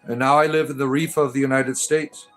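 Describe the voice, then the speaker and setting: A man's voice: mid-range voice, little pitch movement, a little fast, fairly bright tone, soft background music. A man from Detroit hosting a casual livestream, reading viewer comments aloud and answering them in a rambling, hesitant way with many fillers and restarts. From Detroit, Michigan. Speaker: livestream host reading chat.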